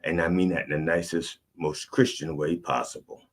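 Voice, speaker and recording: Husky-voiced man ranting profanely. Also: very deep voice, fairly even intonation, normal speed. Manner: cursing, ranting, rambling storytelling. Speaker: comedic preacher. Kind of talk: profane comic sermon-rant.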